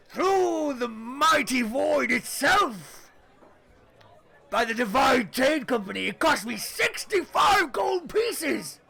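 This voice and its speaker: A man voicing a portly, bombastic male innkeeper who shouts his sales patter. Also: extremely high pitch, creaky, husky, heavily acted.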